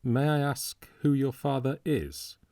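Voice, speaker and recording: A bitter, excitable young medical student from an old storybook, voiced by a male reader. He speaks with harsh, mocking sarcasm, and his words come out intense and pointed. The sound is dry and close. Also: mid-range voice, unhurried, creaky, no room sound, pitched above the performer's own voice.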